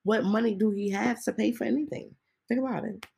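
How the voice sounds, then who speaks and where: Gravelly, husky woman ranting. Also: medium pitch, fairly quick, warm tone, poor audio. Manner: heated, indignant, repetitive rhetorical questions. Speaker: podcast host. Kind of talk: casual ranting monologue.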